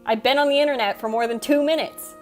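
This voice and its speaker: A woman's voice: sits high, quick pace. An American woman with a Michigan accent, chatting casually on a livestream and answering her chat in a chatty, self-teasing way. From United States. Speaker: streamer. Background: faint background music.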